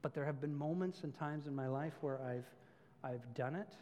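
A man's voice: fairly high pitch, normal speed, a little mellow, long reverb tail, slight background noise. A man preaching a sermon as pastor, telling stories earnestly with self-deprecating asides.

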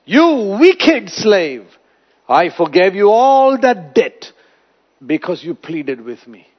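A man voicing a stern, wrathful king who condemns a servant in a slow, heavy low voice during a sermon. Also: big pitch swings, big-room sound, exaggerated voice. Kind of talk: sermon retelling. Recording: dull lo-fi recording.

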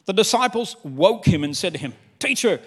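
Male pastor, high voice, lively sermon delivery, long hall reverb. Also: brisk, breathy edge. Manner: animated preaching that slips into quoted voices.

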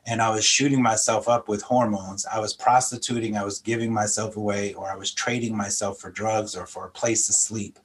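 A man's voice: fairly low pitch, level tone, fairly quick, few pauses. Reflective middle-aged man telling his story. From Philadelphia, US. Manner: earnest, reflective storytelling, repeats words when gathering thoughts. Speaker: interview guest sharing testimony. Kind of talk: personal testimony.

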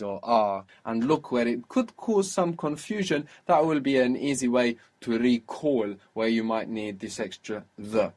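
Man, language teacher, patient, husky voice, careful explanations. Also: medium pitch, darkish tone. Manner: patient, explains pronunciation slowly. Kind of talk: spoken language lesson.

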